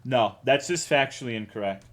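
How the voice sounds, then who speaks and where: A man's voice: medium pitch, expressive, fairly quick, a bit bright. A man from Texas streaming, chatting casually and answering his chat in a rambling, profane, self-deprecating way. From Texas, USA.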